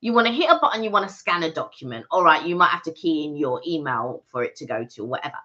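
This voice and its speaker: A woman co-hosting a live stream, chatting casually and explaining things in an earnest, animated way. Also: sits low, fast talker, highs cut off. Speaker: channel co-host.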